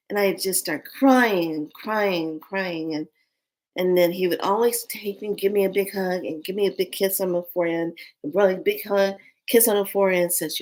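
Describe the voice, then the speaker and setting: A woman's voice: medium pitch, normal speed, a little mellow, rough recording. A woman telling an emotional personal spiritual story, earnest and speaking directly to her listeners.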